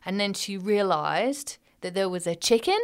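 A woman's voice: medium pitch, animated, moderate pace, smooth. A woman, a podcast co-host, chatting casually, laughing often and chiming in. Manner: laughs often, chimes in with short replies. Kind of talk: casual chat.

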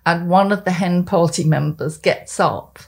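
A woman's voice: fairly low pitch, unhurried, vocal fry, darkish tone. A woman co-hosting a casual chat podcast, blunt and opinionated, given to ranting. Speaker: podcast co-host, columnist.

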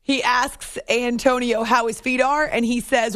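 A woman's voice: fairly high pitch, flat delivery, unhurried, a bit bright, no room sound, studio quality. Chatty woman sports radio host. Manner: wry, chatty, laughs often. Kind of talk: sports radio talk and chat.

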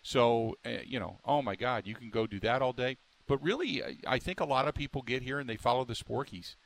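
A man's voice: mid-range voice, fairly quick, creaky. A man hosting a sports talk radio show, rambling and emphatic, stumbling through restarts as he riffs on the local team.

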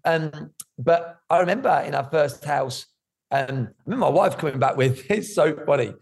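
A middle-aged man, talking candidly about his life in an interview, animated and swearing freely. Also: on the high side, moderate pace, slightly rough. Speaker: guest.

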